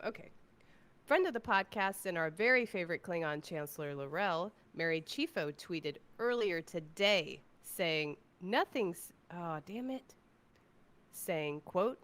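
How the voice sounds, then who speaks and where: Woman co-host reading news on a live podcast, lowish voice with lots of movement, laughs at her own slips. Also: fairly bright tone. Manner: giggly, self-correcting while reading. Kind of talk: casual live podcast banter.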